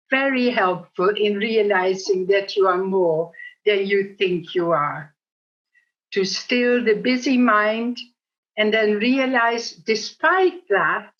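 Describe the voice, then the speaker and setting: An older woman giving a reflective spiritual talk on meditation, with a gentle storytelling manner, on a dull lo-fi recording. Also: medium pitch. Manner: gentle storytelling, laughs at herself. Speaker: speaker on meditation.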